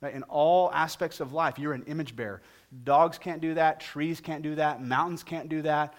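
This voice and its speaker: A middle-aged male pastor preaching a sermon and telling a humorous story with animated delivery. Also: on the high side, moderate pace.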